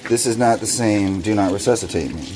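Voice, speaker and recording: A man vlogging while he washes dishes at a kitchen sink, telling an upsetting story in an agitated way and getting louder when he recounts arguments. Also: on the low side, brisk. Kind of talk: casual vlog monologue. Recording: noisy room with running water. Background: running water and dish washing.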